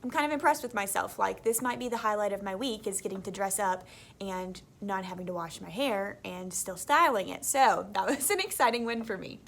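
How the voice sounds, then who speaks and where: A woman's voice: mid-range voice, a little fast, creaky, fairly bright tone. A young woman, an elementary school teacher talking in a casual, chatty vlog and laughing often.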